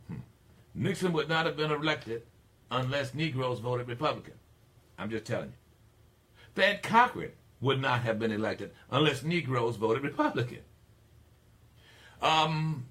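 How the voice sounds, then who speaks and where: A man's voice: expressive, unhurried, long pauses. An older man from Mississippi, hosting a talk radio show in an emphatic, preachy monologue. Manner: emphatic, preachy, swings between low asides and loud declarations.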